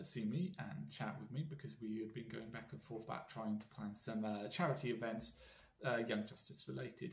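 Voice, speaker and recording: A British man speaks at a middle pitch in an earnest, rambling way, often restarting his sentences. He delivers a heartfelt message to people he admires. His voice carries a noticeable echo from the room. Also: creaky, a little hiss or hum. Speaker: fan vlogger. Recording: roomy echo.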